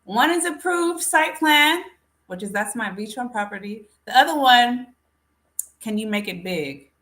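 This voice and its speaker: A woman's voice: a little high, expressive, unhurried, sharp tone. A woman hosting a casual live stream, talking straight to her viewers and calling them folks. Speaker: livestream host.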